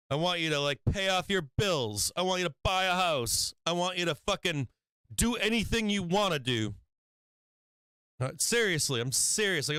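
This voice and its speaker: A man's voice: fairly high pitch, pushed and bright, clean tone, no echo. A man hosting a stock trading livestream in casual chat, rambling and swearing freely, often breaking into laughter.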